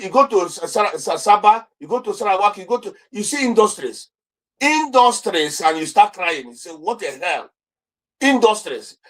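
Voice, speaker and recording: A man's voice: high-pitched, rough recording. A man from Nigeria with a Nigerian accent, an interview guest giving impassioned political commentary, heated and repetitive, with many restarts and rhetorical questions.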